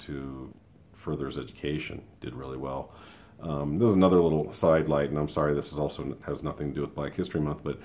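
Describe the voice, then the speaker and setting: A man's voice: very deep voice, a little mellow, slight background noise. A man in his fifties giving a rambling, conversational opinion monologue with many asides. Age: 50s. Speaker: school paraprofessional and show host.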